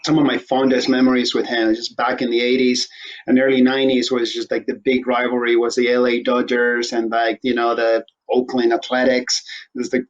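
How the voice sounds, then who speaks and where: A man's voice: mid-range voice, monotone, moderate pace, lo-fi sound. A man hosting a casual interview show, joking irreverently and swearing offhandedly. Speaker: host.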